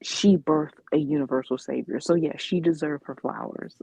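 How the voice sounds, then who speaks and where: A woman's voice: sits low, moderate pace, creaky, dark tone, slightly rough, no echo, rough recording. A woman co-hosting a casual comics podcast, talking in a rambling way with many fillers and restarts. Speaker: podcast co-host. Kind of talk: casual chat about comics.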